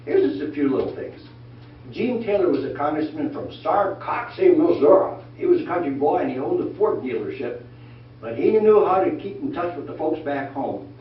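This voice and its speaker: Older guy spinning folksy stories, kinda high voice, echoey room, mic far off and muffled. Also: normal speed. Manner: folksy, animated, acts out quoted voices. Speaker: speaker telling career stories to a church class. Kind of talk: anecdotal storytelling talk. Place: church classroom. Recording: echoey room from far off, dull lo-fi sound, faint noise.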